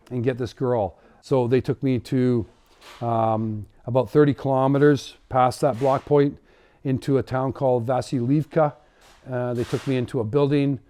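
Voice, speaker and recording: Canadian guy, volunteer, telling his story slow and halting, lots of ums, mellow voice. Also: medium pitch. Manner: halting, reflective, with many fillers and restarts. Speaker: humanitarian volunteer. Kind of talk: personal storytelling.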